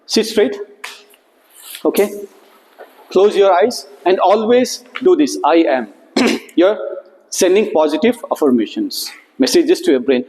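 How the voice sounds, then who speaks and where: A man giving a lively motivational workshop to students, often checking in with a rising "okay?". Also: sits high, measured pace. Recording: echoey hall recording.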